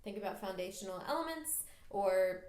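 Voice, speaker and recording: A woman's voice: medium pitch, expressive, moderate pace, a little mellow, roomy sound, faint music behind. A woman teaching a flute lesson, patiently coaching the listener through practice steps. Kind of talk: instructional music lesson.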